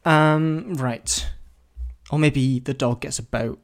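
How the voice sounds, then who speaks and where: A man's voice: on the high side, slow. A man hosting a solo podcast, rambling and self-deprecating as he thinks aloud with many restarts. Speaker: podcast host. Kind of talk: solo casual podcast brainstorming.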